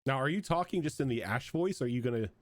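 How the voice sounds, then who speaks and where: A man running a tabletop game as game master, narrating in a relaxed way with filler words. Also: mid-range voice, fast talker, no echo, clean studio sound.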